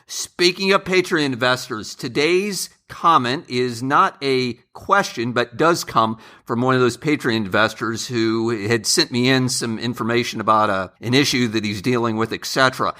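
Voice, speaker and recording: A man's voice: medium pitch, normal speed, hardly any pauses, sharp tone. A middle-aged man hosting a money advice channel, speaking straight to his viewers in an emphatic monologue that repeats key words for stress. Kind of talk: direct-to-camera advice monologue.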